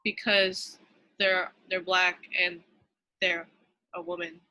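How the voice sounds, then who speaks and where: Young woman podcast co-host, bright tone, dry close sound, rambling casual storyteller. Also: lowish voice, flat delivery, slow pace, no echo, poor audio. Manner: loose, swearing, rambling storytelling. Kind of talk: casual chat.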